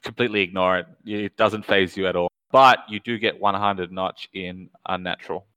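Low smooth-voiced male game master. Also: fairly even intonation, normal speed, bright, forceful tone, no echo, poor audio. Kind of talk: narrating a tabletop horror game.

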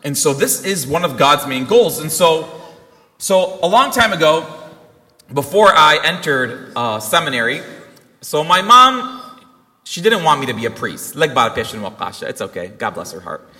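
A man's voice: a little high, very animated, moderate pace, bright, forceful tone. A young man, a priest, giving an earnest Christmas sermon and telling a family story with quoted dialogue. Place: church. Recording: long reverb of a church hall.

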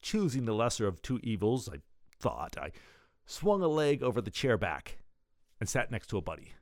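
A man reading his own wry column and a serial story as a show's host. His pitch moves in a lively way, and the sound is close and dry with no room echo. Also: normal speed. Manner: wry, pun-loving reading. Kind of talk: scripted column and serial narration.

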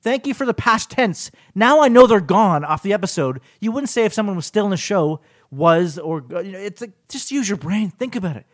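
A man hosting his own podcast in a solo rant, with a lively, swinging delivery. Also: fairly quick, no room sound, studio quality. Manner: animated ranting, swings up and down in pitch. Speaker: podcast host.

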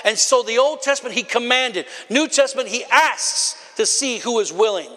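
A man preaching a sermon to a congregation, emphatic and often shouting, calling out to the crowd between points. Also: extremely high pitch, expressive, moderate pace. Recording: long reverb of a large hall.

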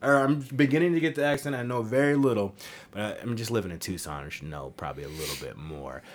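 A man in his thirties hosting a podcast, chatting in a relaxed and rambling way and swearing casually. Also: fairly low pitch, quick pace. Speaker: podcast host. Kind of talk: casual chat.

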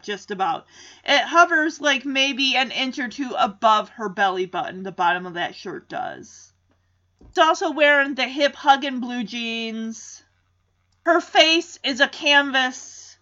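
A woman's voice: sits high, sharp tone, highs cut off. A woman in her forties chatting casually as she recaps a sitcom episode, rambling into personal asides.

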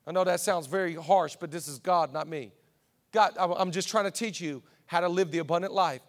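A pastor preaching to his church speaks in a voice pitched high for a man, at a slightly fast pace. He repeats key words for emphasis, moving between quiet, confiding asides and loud, driving declarations.

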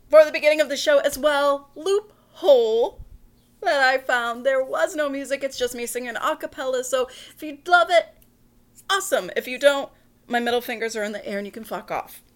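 A woman hosting a podcast in a casual monologue, brash and profane, talking quickly and joking with frequent laughs. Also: high-pitched, a bit bright. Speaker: podcast host.

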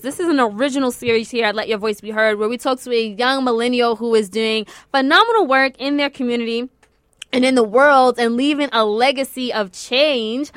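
Female radio host, high voice, teasing and lively, close dry studio mic. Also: clear, resonant tone, no echo. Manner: upbeat, chatty and teasing. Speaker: radio talk show host. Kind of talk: lively radio talk show. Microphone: studio microphone.

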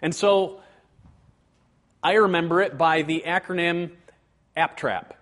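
Earnest high-voiced man preaching. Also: steady tone, takes it slowly, fairly bright tone. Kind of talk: teaching sermon.

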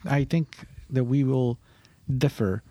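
On a podcast recorded over a video call, a male philosophy teacher chats casually, rambling and thinking out loud. His deep morning voice is slow and dark in tone, with no room sound.

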